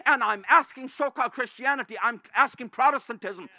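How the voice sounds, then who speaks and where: Fervent high-voiced male pastor preaching. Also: brisk, no room sound. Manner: fervent, repeatedly calls out "brethren"; rises to shouts at climaxes. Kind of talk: sermon.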